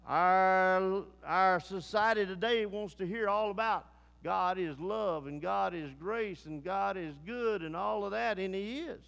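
A man preaching a sermon with fervent delivery, moving between low grave tones and rising urgency. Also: creaky, a bit bright, big-room sound.

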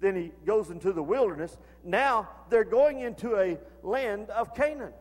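A man preaching a sermon as pastor, in a folksy way that builds to shouted fervor. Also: high-pitched, lively intonation, normal speed. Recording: long hall reverb.

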